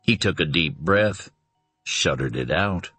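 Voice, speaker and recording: A man narrating a suspense novel in a steady, dramatic reading. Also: low voice, slow pace, husky, faint music behind. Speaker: audiobook narrator. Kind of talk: scripted narration.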